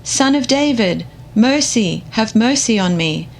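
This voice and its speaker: A woman voicing a blind male beggar who cries out for mercy, lifting her voice higher and louder. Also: animated, a little slow, a little hiss or hum, rough recording. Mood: pleading. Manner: pleading, raised and higher.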